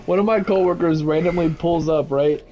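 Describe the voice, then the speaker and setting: A young man telling a rambling, animated story in a casual, swearing way while playing a game. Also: fairly high pitch, a little fast, over a noisy crowd. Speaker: gaming video host. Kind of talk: casual storytelling over gameplay. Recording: slightly muffled, faint background noise.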